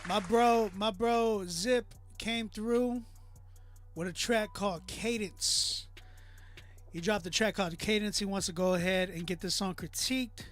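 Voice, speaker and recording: A man's voice: high voice, steady tone, a little slow, fairly bright tone, some chatter behind. A man hosting a live music review stream, hyping up the chat and calling for song submissions. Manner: hyped, talks straight to chat. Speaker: livestream music review host. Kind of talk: casual livestream hosting.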